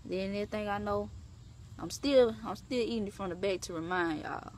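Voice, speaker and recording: Animated, profane young woman storyteller. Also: moderate pace, slight background noise. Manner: animated, profane, with big pitch jumps. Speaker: vlogger. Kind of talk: casual storytelling.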